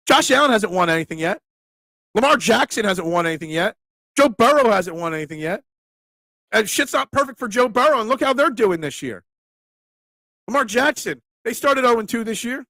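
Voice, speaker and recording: A man's voice: very high voice, dry recording, clean studio sound. A man hosting a casual sports talk live stream, reading viewer comments aloud and answering them with emphatic opinions. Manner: animated, emphatic, reads chat aloud.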